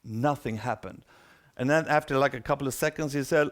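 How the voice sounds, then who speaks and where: A man's voice: medium pitch, a little fast. A middle-aged man, telling a story in a talk and acting out the voices of people in it. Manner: animated, acts out quoted voices. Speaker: speaker.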